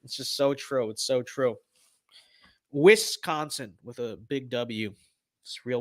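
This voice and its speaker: A young man streaming a game and commenting casually, hyped, jokey and boastful, often shouting with excitement. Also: medium pitch, slow pace, pauses often. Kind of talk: casual gaming livestream commentary.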